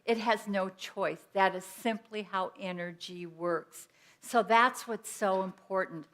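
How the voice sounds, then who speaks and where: A woman's voice: mid-range voice, a little slow, a bit bright. A woman giving an inspirational sermon at a Sunday church service, speaking conversationally and telling personal stories. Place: church sanctuary.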